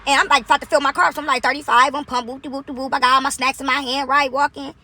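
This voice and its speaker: Woman, high bright voice, chatty storyteller, "right?" after every point. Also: racing. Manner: animated, chatty, frequent "right?" asides. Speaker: vlogger. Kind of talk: casual storytelling monologue.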